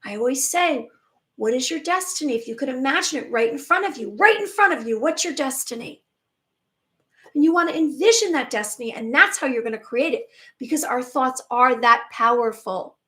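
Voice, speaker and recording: A high-voiced woman talks straight to her live viewers. She sounds emphatic and chatty, and now and then she restarts a word before carrying on. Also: animated, normal speed, pushed and bright. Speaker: spiritual channel host. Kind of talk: live-stream monologue.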